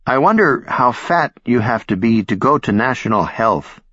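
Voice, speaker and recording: A man's voice: mid-range voice, lively intonation, normal speed, fairly bright tone, dry recording, muffled recording, voice pushed up. A man reading aloud voicing a casually musing male club regular.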